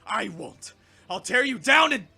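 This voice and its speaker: A man's voice: on the high side, sing-song, normal speed, soft background music, voice pushed up, heavily acted. A man voicing a hot-headed young android. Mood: furious. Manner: smug, then shouting and snarling. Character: young male android, cocky and hot-tempered. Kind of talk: fan audiobook narration.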